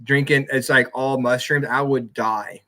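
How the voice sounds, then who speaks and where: A man's voice: medium pitch, steady tone, measured pace, sharp tone. A man co-hosting a podcast, joking around and asking the guests questions. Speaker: podcast co-host. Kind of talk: casual chat.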